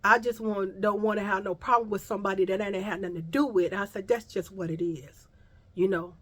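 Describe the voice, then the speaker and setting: A woman telling a personal story in a casual vlog, animated and profane, talking straight to her viewers. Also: medium pitch, fast talker.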